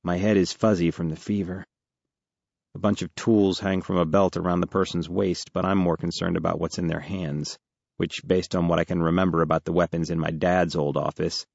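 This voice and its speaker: Deep-voiced man narrating an audiobook. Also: gravelly, darkish tone, no room sound, muffled recording. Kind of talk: first-person audiobook narration.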